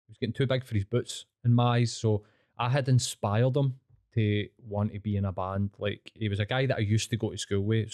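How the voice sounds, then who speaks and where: Low-voiced sweary Glaswegian man. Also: a little mellow, dry recording. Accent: Glaswegian Scottish. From Scotland. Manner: blunt, sweary, rambling with restarts. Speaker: podcast guest. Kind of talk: candid storytelling.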